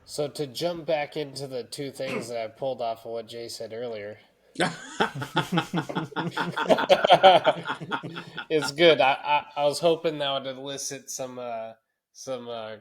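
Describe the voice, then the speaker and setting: Brief: male co-host, thirties, mid-pitched, casual storyteller, curses freely. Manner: profane, storytelling, laughs often. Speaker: podcast co-host. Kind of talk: casual podcast chat.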